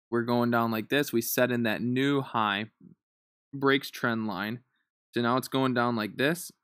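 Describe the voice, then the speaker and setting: A man's voice: mid-range voice, fairly bright tone, no echo, clean studio sound. Casual man teaching chart reading. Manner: loose and chatty, often checks in with "right?". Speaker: stock trading instructor. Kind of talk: casual screen-share chart lesson.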